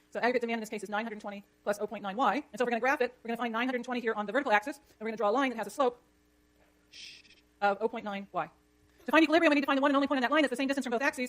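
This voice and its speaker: A woman lecturing an economics class, brisk and jokey, scolding the chatter when it gets too loud. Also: on the high side.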